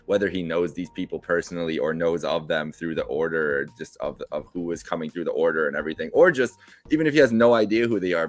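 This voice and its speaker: Deep voiced dude on a podcast, rambly, just thinking out loud. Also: male voice, dry recording. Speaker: podcast co-host. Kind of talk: casual chat.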